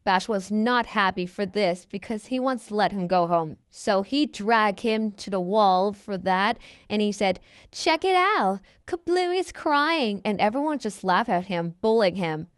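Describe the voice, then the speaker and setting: A woman's voice: medium pitch, normal speed, dry recording, studio quality. A woman telling a fan story in a rambling, profane and ungrammatical way.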